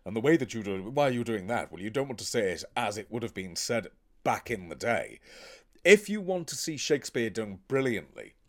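A man, an actor talking in a blunt, animated, profane way in casual podcast chat. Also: fairly low pitch, a little fast.

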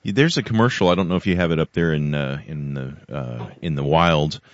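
A man's voice: very deep voice, brisk, no echo. A man hosting a podcast, talking in a casual, hesitant way full of fillers. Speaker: podcast host. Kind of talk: casual conversation. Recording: dull lo-fi sound, dry.

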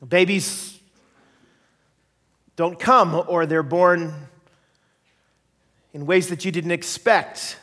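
A middle-aged man preaching, telling personal stories in an animated way, laughing and acting out the voices he quotes. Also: high-pitched, very slow, pauses often. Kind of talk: sermon storytelling. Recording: long hall reverb.

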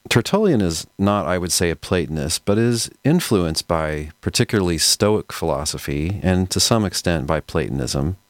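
A man hosting a podcast, explaining history in a measured, scholarly, conversational way. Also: sits low, lively intonation, no room sound. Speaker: podcast host. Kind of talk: explanatory lecture-style podcast talk.

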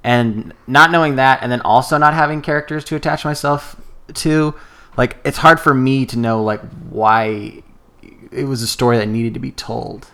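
A man's voice: mid-range voice, fairly even intonation, normal speed, bright, forceful tone. A young man in casual movie chat, self-deprecating and rambling with many fillers. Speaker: podcast co-host.

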